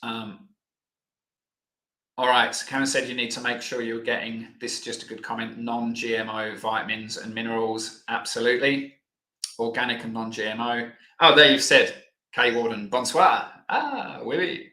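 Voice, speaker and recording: A man's voice: medium pitch, flat delivery, normal speed, bright, forceful tone, reverberant. A man hosting a live online Q&A lesson, chatty and loose, with plenty of fillers. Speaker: health educator host.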